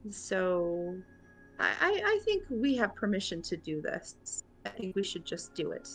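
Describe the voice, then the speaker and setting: A woman's voice: medium pitch, very animated, a little slow, a bit bright, faint music behind. A woman playing a character in a tabletop game, talking in a thoughtful, hesitant way. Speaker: player. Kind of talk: tabletop role-play.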